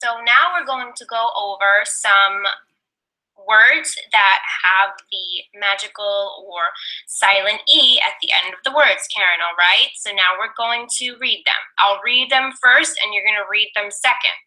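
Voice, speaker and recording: A young woman demonstrating a reading lesson, sounding out words slowly and repeating them for a student. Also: medium pitch, bright, forceful tone, poor audio. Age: young adult. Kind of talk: slow, deliberate teaching demonstration.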